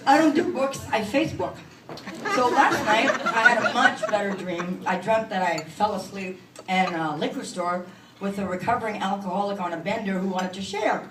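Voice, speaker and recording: A woman in her forties from Canada doing a stand-up comedy set in a club, delivering self-mocking punchlines in a deadpan way. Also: mid-range voice, normal speed, a crowd in the background, background noise. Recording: echoey club from far off.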